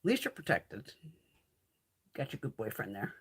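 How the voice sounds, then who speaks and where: A woman's voice: very deep voice, wildly swooping pitch, normal speed, breathy edge. A talkative woman hosts a casual livestream and swears freely as she chats with her viewers. Her voice swings up and down a lot while she talks. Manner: chatty, profane, reads and answers viewer comments. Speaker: livestream host.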